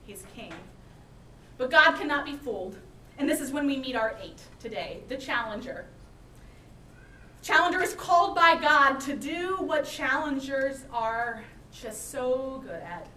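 A woman pastor preaching a sermon in a church, with lively, dramatic storytelling. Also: high voice, echoey room, recorded from a distance, a little hiss or hum, low-quality recording. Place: church sanctuary.

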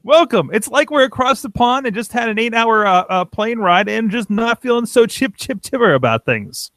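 A man's voice: very high-pitched, expressive, moderate pace, a bit bright, dry recording. A man co-hosting a casual wrestling chat show from a home studio, rambling and interrupting himself. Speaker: podcast co-host. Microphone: webcam.

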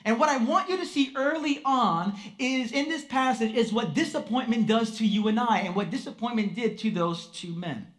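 A woman preacher reading scripture and preaching a sermon to a congregation, emphatic, with sudden swings in pace and loudness, falling to a hush on key words. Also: on the high side, animated, normal speed, hardly any pauses. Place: room with a congregation.

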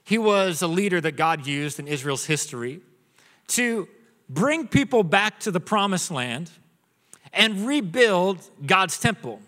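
A man in his thirties preaching a sermon in a church, telling jokes and family stories in a relaxed way. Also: high voice, a little slow. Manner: joking storyteller, acts out his son's voice. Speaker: pastor. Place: church auditorium. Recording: long reverb of a large hall.

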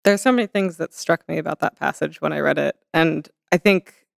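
A woman's voice: deep voice, a little fast, creaky, dry recording, studio quality. A woman hosting an interview, reflective in her questions and laughing lightly between them. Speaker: interviewer and host. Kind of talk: thoughtful interview conversation.

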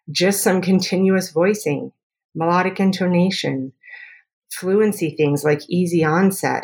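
A woman speech therapist talks through her work in a relaxed interview. She explains with a lot of rhetorical checks, small restarts and light laughs as she thinks aloud. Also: low-pitched. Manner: explanatory, tags points with "right?". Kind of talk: conversational interview answer.

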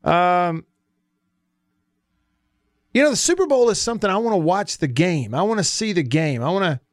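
Southern male sports radio host, folksy, slightly high voice, dry studio sound. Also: animated, moderate pace, no echo. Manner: chatty, folksy, reads listener texts aloud. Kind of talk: casual sports talk radio. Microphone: studio mic.

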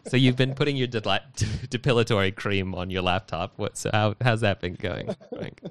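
A man's voice: fairly low pitch, brisk, smooth. A man co-hosting a podcast, chatting casually and joking with many fillers. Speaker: podcast co-host. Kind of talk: casual tech chat.

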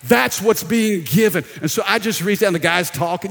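A middle-aged pastor from South Louisiana with a Louisiana accent, preaching a sermon with animated storytelling, acting out the voices in his story and calling out to the congregation. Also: sits high, normal speed, vocal fry, hardly any pauses, soft background music. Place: church hall. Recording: long hall reverb.

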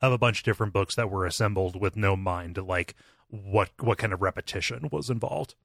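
A man's voice: on the low side, fairly quick, vocal fry, dry recording. Laid-back podcast guy, dry close mic, laughs a lot. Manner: relaxed, agreeable, laughs easily. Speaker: podcast co-host. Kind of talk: casual chat.

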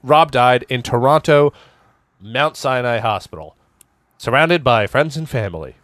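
A man's voice: medium pitch, animated, measured pace, fairly bright tone, no echo. Man, podcast host, jokey and casual, close and dry. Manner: jokey, laughs often, mildly profane. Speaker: podcast host presenting a topic. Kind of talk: casual comedic podcast chat.

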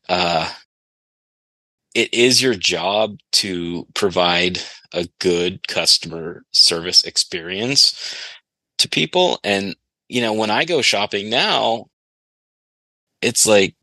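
A man's voice: lowish voice, pushed and bright, no room sound, rough recording. A man telling a long, rambling story on a casual podcast, laughing as he goes. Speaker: podcast guest.

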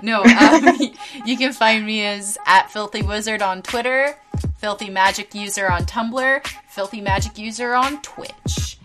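A woman's voice: mid-range voice, measured pace, music in the background. A woman, co-hosting a podcast in casual chat, rambling, laughing often and swearing freely. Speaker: podcast co-host.

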